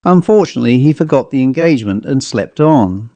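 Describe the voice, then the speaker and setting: A man's voice: medium pitch, expressive, a little fast, dark tone, no room sound, lo-fi sound, lightly acted. A man voicing a boastful, fanciful young male office clerk who talks in a sly, teasing way.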